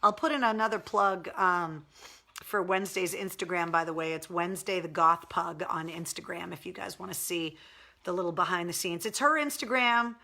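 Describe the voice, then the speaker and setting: A woman's voice: lowish voice, normal speed, vocal fry, pushed and bright. A woman hosting a casual livestream, chatting candidly and swearing cheerfully as she answers viewer comments. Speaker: livestream host. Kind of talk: casual live chat reading viewer comments.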